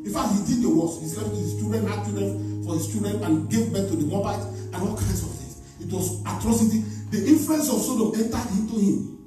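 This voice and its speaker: A man's voice: high-pitched, fairly quick, mellow. A man preaching as a bishop, delivering a fervent sermon and leading his congregation in prayer, at times praying in tongues. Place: church sanctuary. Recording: echoey church hall, mic far off, music.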